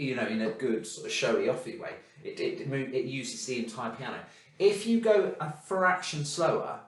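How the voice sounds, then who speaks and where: A man giving a student encouraging piano practice tips, singing rhythms as "da" and demonstrating at the keys. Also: medium pitch. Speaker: piano teacher. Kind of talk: recorded practice feedback. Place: room with a piano. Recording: very echoey room, mic far off. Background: piano playing.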